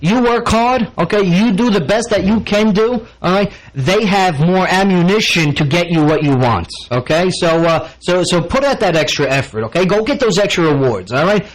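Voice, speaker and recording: A man hosting a radio talk show in a studio, animated and jokey, constantly tagging his sentences with "okay?" and "all right?". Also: high voice, moderate pace, few pauses, low-quality recording. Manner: jokey, playful banter.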